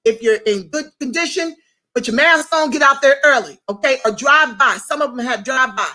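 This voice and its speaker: A woman hosting a casual livestream, reading out viewer comments and greeting each person by name. Her voice sits high and sounds bright and ringing. She talks in an effusive, animated way. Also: moderate pace.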